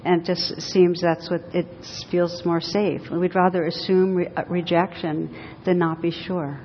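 A woman teacher giving a dharma talk, telling stories gently and with light laughter. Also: little pitch movement, unhurried. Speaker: meditation teacher. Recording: dull lo-fi recording in an echoey hall with faint rumble.

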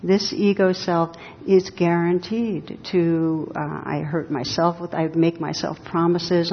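A woman giving a dharma talk as a meditation teacher, speaking slowly and reflectively with touches of gentle humor. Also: fairly even intonation, breathy edge. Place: hall with a live audience. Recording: reverberant hall, dull sound, faint rumble.

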